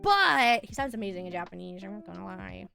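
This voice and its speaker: A woman's voice: medium pitch, lively intonation, a little fast, gravelly, bright, forceful tone, faint music behind. A young woman streaming from home, chatting casually with viewers in a giggly, bubbly, teasing way, laughing often. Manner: bubbly, teasing banter with chat. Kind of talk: casual chat with live viewers.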